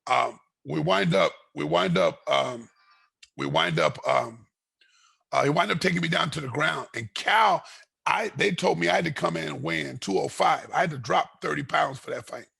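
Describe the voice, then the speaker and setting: A man guest in an interview, telling a long story with animated energy, voicing other people in it, often repeating and restarting his words. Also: on the high side, normal speed. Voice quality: gravelly, raspy. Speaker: guest, retired fighter.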